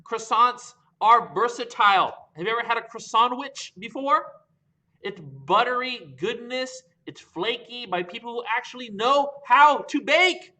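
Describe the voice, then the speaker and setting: A man's voice: very high voice, bright, forceful tone. A man doing improv comedy, giving a sassy, emphatic opening argument. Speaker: improv performer.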